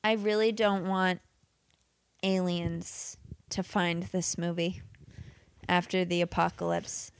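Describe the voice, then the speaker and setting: A woman's voice: fairly low pitch, flat delivery, slow pace, pauses often, smooth. Wry woman joking about a movie. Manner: wry, teasing asides. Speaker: podcast co-host. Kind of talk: casual movie-review chat.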